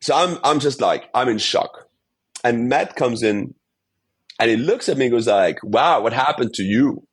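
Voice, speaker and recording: A man from Austria, a native German speaker, telling stories in a casual, animated podcast interview and swearing freely. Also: medium pitch, normal speed, slightly rough. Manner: animated storyteller, swears casually, says dude a lot. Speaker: podcast guest.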